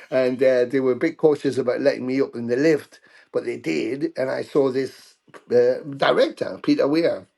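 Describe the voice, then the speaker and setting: A middle-aged British man telling anecdotes in a casual interview, animated when he quotes others. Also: medium pitch, creaky. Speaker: guest musician.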